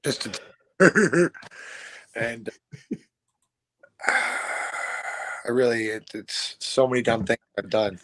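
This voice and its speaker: A man's voice: mid-range voice, extremely slow, pauses often, dry recording. A young man telling a rowdy story as a guest fighter, swearing freely and acting out the voices of the people in it. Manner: animated, swearing, acts out quoted voices. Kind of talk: casual storytelling.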